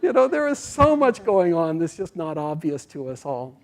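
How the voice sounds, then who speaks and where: Brief: male speaker, slightly higher voice, gentle sermon storyteller, soft trailing endings. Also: big pitch swings, moderate pace. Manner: voices the characters in dialogue. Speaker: speaker at a spiritual community.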